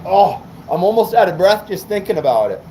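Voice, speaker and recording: A fired-up man from New England rambles and swears through a casual livestream chat. His voice sits high for a man. Faint noise hums behind him. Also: very animated, fairly quick, dark tone, low-quality recording. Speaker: car audio livestreamer.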